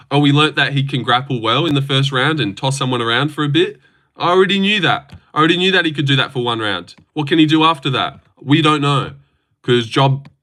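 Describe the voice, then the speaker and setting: A man with a mid-range, bright, forceful voice answers his live chat bluntly and casually, offering strong opinions and swearing often. He's putting on a fake voice and says so.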